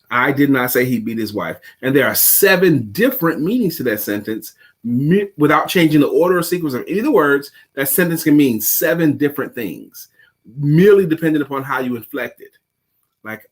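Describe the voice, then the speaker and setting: Sex: man. Role: co-host and coach. Style: casual livestream chat. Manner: measured and explanatory, like a teacher. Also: mid-range voice, husky.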